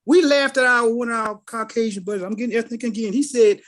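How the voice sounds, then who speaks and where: A man's voice: very high-pitched, fast. A middle-aged man, telling personal stories on a group call and acting out the voices of the people in them. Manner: animated storyteller who acts out quoted voices. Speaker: call participant. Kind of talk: casual spoken testimony.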